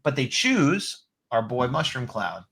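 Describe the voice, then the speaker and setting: Chatty man with a bright voice. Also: medium pitch, a little slow, breathy edge. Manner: chatty, animated, acts out short quotes. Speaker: podcast co-host. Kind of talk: casual chat reviewing a show.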